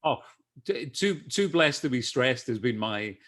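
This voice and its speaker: A middle-aged man with a Scottish accent talks in a relaxed, chatty way. He restarts his sentences often and laughs easily, and his pitch sits in the middle for a man. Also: measured pace. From Scotland. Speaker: guest. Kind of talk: casual video-call interview.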